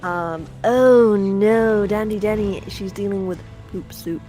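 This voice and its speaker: A woman from Yorkshire, England, with a Yorkshire accent, co-hosts a game stream, speaking slowly in a medium-pitched voice over music. She's chatty and teasing as she reads the chat aloud in casual conversation.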